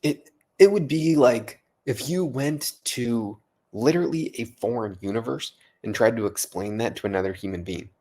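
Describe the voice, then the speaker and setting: A man's voice: mid-range voice, normal speed, warm tone. Tipsy man rambling in amazement. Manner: rambling, swears, repeats himself in amazement. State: a little tipsy from vodka. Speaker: vlogger. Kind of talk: casual late-night vlog monologue.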